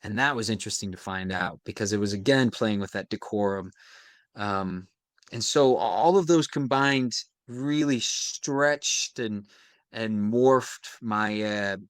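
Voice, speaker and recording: Young American male actor, smooth clear tone, thoughtful interview guest. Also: on the low side, measured pace, no echo, clean studio sound. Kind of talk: casual interview.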